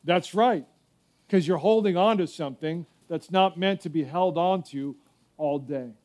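A man's voice: on the high side, a little slow, darkish tone. A male pastor preaching a sermon in a fervent, emphatic way, often repeating himself.

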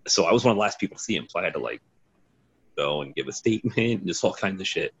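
A man's voice: low-pitched, expressive, fast talker, a bit bright, slightly rough. A man telling rambling, profane stories as a podcast guest, over a dull lo-fi recording. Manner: rambling, swearing, laughing storyteller. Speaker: podcast guest, former team DJ. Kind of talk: casual storytelling. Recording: dull lo-fi sound.

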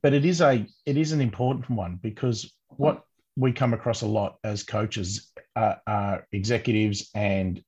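A man's voice: fairly low pitch, moderate pace, a little mellow, slightly rough. An Australian man co-hosting a coaching podcast, easygoing, with dry humor. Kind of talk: casual chat.

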